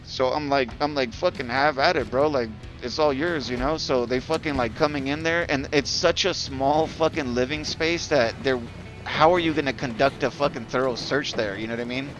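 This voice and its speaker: Male streamer, mid-pitched, casual and foul-mouthed, rambling storyteller over faint music. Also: normal speed, fairly bright tone. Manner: rambling, profane, many fillers and restarts. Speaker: game streamer. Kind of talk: casual storytelling while live-streaming a game.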